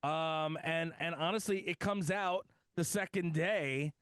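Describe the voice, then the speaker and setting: A man from the US East Coast co-hosts a podcast from a studio, talking in a loose, joking ramble full of fillers. His voice sits a little high for a man. The recording is dry and close. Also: a little slow, a bit bright, clean tone, no echo. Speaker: podcast co-host. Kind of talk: casual chat.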